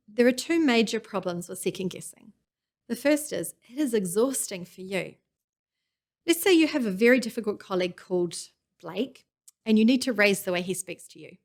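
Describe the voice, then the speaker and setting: A woman gives a scripted teaching talk in a calm, earnest way. Her pitch sits in the middle of the usual range for a woman. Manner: calm, earnest, acts out example lines. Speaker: presenter.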